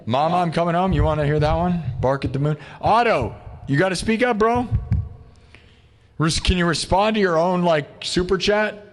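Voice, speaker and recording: A man hosting a live music stream, chatting casually with viewers in an upbeat, rambling way, thinking aloud and restarting his sentences. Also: fairly high pitch. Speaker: livestream musician host.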